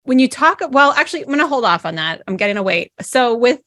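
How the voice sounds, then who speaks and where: A woman's voice: a little high, very animated, fast talker, pushed and bright, no room sound, studio quality. A woman guest on a podcast, chatting casually, telling stories and asking questions. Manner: chatty, storytelling, asks questions. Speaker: podcast guest, also a podcast host. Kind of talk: casual interview chat.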